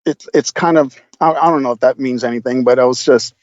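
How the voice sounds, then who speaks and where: A man's voice: medium pitch, a little fast, no echo, lo-fi sound. A man, a podcast guest, telling stories casually in a rambling, profane way, full of fillers. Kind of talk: casual storytelling.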